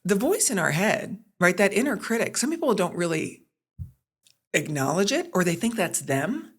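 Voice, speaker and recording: A husky, medium-pitched woman's voice at a moderate pace belongs to a middle-aged podcast guest who works as a sports broadcaster and producer. She chats animatedly, acting out quoted lines in her stories.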